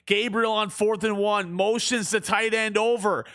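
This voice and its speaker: A young man streaming a football video game, calling the plays like a sports commentator and shouting on big plays. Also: sits high, fairly even intonation, unhurried. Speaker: streamer doing play-by-play.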